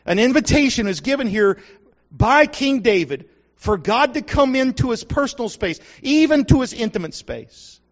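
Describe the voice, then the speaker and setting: High-voiced preacher, dramatic swings. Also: male voice, very animated, normal speed. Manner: dramatic, swings between hushed and loud. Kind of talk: sermon. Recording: lo-fi muffled recording.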